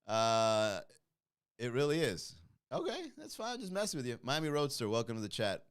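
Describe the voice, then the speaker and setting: A man hosts a comedy podcast livestream, reading chat comments aloud while teasing and laughing easily in an animated way. His mid-range voice sounds clear and resonant.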